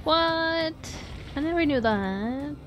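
Over a noisy background, with the highs cut off, a woman streams a game and talks casually, giggling and wandering from story to story with frequent laughter. She speaks at a measured pace in a fairly high voice.

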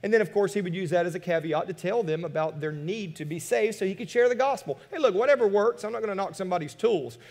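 High-voiced animated male pastor. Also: fast, few pauses, long reverb tail. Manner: animated, rhetorical questions, shifts between loud emphasis and quiet asides. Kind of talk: sermon. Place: church sanctuary.

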